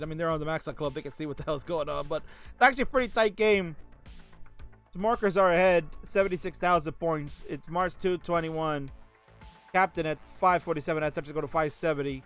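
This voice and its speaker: A man's voice: on the high side, brisk, fairly bright tone, clean tone, faint music behind. A man hosting and commenting on a live video game match, playful and joking as he calls the play. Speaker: esports commentator and host.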